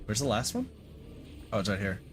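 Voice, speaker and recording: A man's voice: fairly low pitch, huge pitch swings, brisk, background noise. A man streaming a video game, muttering casual, mildly crude commentary and reading dialogue aloud.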